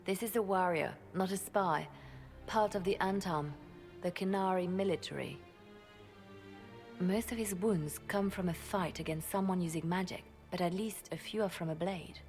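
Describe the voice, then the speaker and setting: A woman's voice: lowish voice, moderate pace, darkish tone, faint music behind, close to an everyday voice. A woman playing a dry, composed spymaster. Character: composed female spymaster, dry, sharp-witted.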